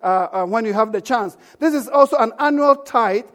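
High-voiced male pastor preaching in a hall. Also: normal speed, fairly bright tone. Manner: emphatic, asks the congregation for amens. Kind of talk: sermon. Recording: echoey church hall.

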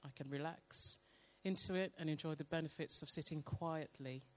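Woman sharing devotional testimony, slow and meditative in delivery. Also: deep voice. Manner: slow, calm, soft-spoken, meditative. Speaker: church member sharing testimony. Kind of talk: devotional testimony with guided prayer.

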